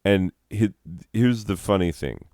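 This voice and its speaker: A man's voice: lowish voice, lively intonation, measured pace, darkish tone, no room sound, studio quality. A middle-aged man delivering a profane comedic monologue, swinging between mock-formal reading and swearing rants.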